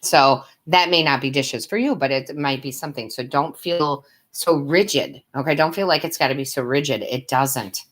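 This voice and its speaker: Speaking at a normal speed with few pauses, a woman with a very deep voice reads tarot live on stream as a medium. She talks with her audience, calls them love and sweetheart, and often breaks into laughter.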